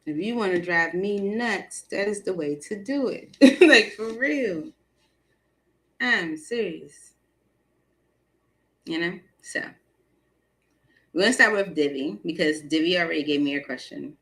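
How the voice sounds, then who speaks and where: A woman hosting a live tarot stream, chatting casually with viewers, animated and laughing often, with features. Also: lowish voice, unhurried, pauses often. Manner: animated, laughs often, talks to the chat directly.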